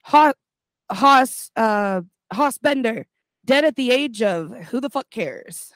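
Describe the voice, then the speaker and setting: A woman's voice: fairly high pitch, animated, takes it slowly, dry recording. Giggly woman quoting movie lines. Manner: giggly, blurts out quotes and crude jokes. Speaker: podcast co-host. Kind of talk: casual movie chat.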